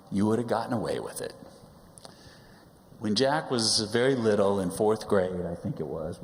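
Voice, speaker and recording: Low-voiced man teasing his son in an echoing sanctuary. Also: darkish tone. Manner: wry, teasing humor with halting pauses. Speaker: father giving a speech at his son's coming-of-age service. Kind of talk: personal speech at a religious service. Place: large synagogue sanctuary. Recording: long hall reverb.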